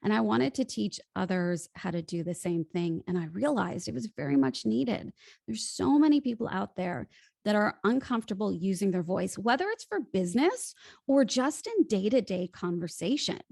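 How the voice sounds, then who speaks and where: A woman's voice: medium pitch, normal speed, vocal fry, no echo, clean studio sound. A woman in her thirties with an American accent, a voice coach telling her story in a casual interview. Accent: General American. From United States (Illinois). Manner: animated, storytelling. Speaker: podcast guest, voice coach.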